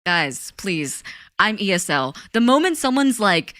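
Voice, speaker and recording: Bright, animated woman streamer. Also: mid-range voice, no echo, clean studio sound. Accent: slight mix of Southern US and British vowels. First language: Mandarin Chinese. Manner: animated, quick to laugh, talks to chat. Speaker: VTuber streamer. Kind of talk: casual live-stream chat, reading chat aloud.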